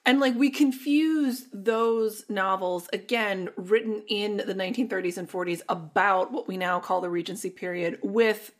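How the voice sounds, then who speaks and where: A woman's voice: mid-range voice, moderate pace, few pauses. A woman co-hosting a casual podcast, a therapist talking in a dry, wry, talkative way.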